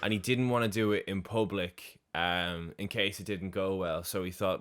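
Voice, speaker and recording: Male podcast co-host, lowish voice, wry and joking. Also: fairly even intonation, normal speed, few pauses, a bit bright. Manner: wry, joking asides with slang. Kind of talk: casual chat about a film.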